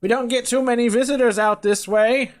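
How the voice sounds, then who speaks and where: A man's voice: very high voice, fairly even intonation, fairly quick, voice pushed up. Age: old. Figure: a man doing a friendly hunched traveler peddling trinkets. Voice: raised well above the performer's own. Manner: chatty, folksy.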